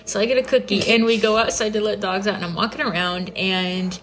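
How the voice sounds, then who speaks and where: Bright-voiced young woman telling a story. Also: medium pitch, fairly even intonation, a little fast, slight background noise. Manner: chatty, lots of 'like' fillers. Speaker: podcast host. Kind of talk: casual storytelling.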